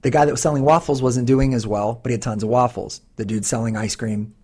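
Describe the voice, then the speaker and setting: A man in his fifties co-hosting a podcast, telling stories in a casual, animated way with lots of fillers. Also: mid-range voice, fast talker, slightly rough. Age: 50s. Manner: animated storyteller, many fillers. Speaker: podcast co-host.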